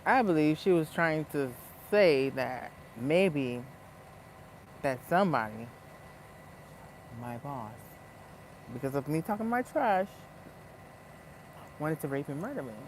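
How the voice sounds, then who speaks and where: A man's voice: fairly high pitch, takes it slowly, pauses often, slight background noise. A man telling a story in a casual, profane rant as a vlogger, breaking into laughs. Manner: animated, profane, laughs between lines.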